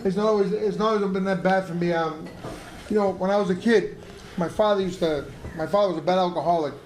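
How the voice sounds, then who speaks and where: A high-voiced middle-aged man speaks fast in a roomy-sounding space, telling profane stories live at a club. He's a former boxer appearing as a podcast guest, animated as he acts out the people involved, and the club recording is noisy.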